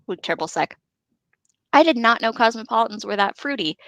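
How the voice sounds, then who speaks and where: A woman's voice: on the high side, animated, a little fast, a bit bright, no room sound, poor audio. A woman co-hosting a podcast, reading a book aloud and breaking off into giggly, joking chat.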